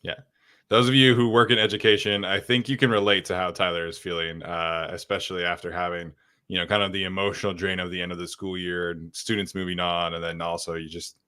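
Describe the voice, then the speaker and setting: A young man hosts a sports podcast in an easygoing, energetic chat. His voice is bright and crisp, sitting slightly low. He leans on fillers as he talks. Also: fairly quick. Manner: energetic, chatty, many fillers. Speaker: podcast host.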